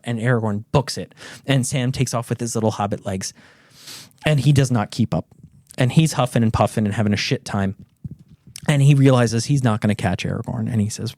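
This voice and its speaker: A man casually retelling a book's plot on a podcast, animated and profane, acting out the characters' lines. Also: medium pitch, fairly quick, no room sound. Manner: animated storyteller, swears freely, acts out characters. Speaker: podcast host retelling a book. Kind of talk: casual chat.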